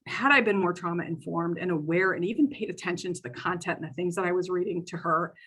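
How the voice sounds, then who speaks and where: A woman's voice: fairly low pitch, steady tone, fast, fairly bright tone, slightly rough. A woman giving a training talk for educators, telling a personal classroom story in a conversational way with frequent fillers.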